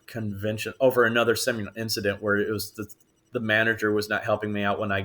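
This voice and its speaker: A man's voice: lowish voice, quick pace. A man, an actor guest on a podcast, telling stories in casual chat and acting out the voices of the people in them. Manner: animated storyteller acting out quoted voices.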